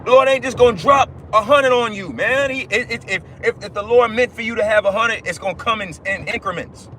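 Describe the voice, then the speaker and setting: High-pitched guy preaching on a stream, repeats himself, cusses casually, faint car noise outside. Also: brisk, bright, forceful tone, low-quality recording. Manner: emphatic, repetitive, swears casually. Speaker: livestream preacher. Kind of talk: informal livestream sermon.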